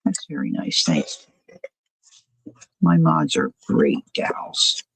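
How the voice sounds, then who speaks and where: A woman's voice: rumbling low, wildly swooping pitch, slow pace, gravelly, slightly rough, no echo, rough recording. A woman hosting a craft live stream, chatting casually and musing aloud about her choices as she works, often asking her viewers what they think. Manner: chatty, muses aloud, asks viewers questions.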